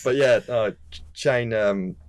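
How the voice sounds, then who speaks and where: A young man, telling his story in a relaxed, rambling way full of restarts and fillers, as a podcast guest. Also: medium pitch, slow, slight background noise. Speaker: guest racing rider. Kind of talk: casual interview chat.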